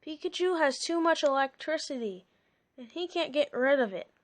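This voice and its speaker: A woman's voice: sits high, animated, normal speed. A woman reading aloud the lines of a kind, worried male professor from a storybook, in a plain earnest delivery.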